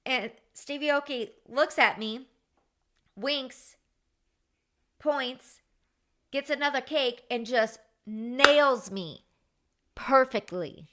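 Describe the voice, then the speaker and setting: Bright-voiced chatty woman podcaster. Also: high-pitched, very slow, long pauses. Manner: animated, chatty, with many fillers. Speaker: podcast host. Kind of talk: casual storytelling.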